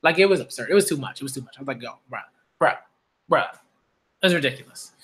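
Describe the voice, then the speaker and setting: A man doing a live manga reading reaction, excitable and slangy, often repeating himself as he reacts. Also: mid-range voice, fast. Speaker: manga reviewer.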